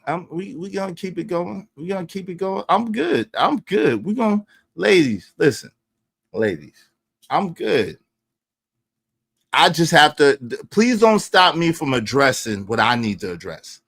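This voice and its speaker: Fired-up man, high lively voice. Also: measured pace, vocal fry, breathy edge, dry recording. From Brooklyn, New York. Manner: confrontational, repeats phrases for emphasis, swings loud. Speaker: livestream host. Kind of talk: heated livestream rant.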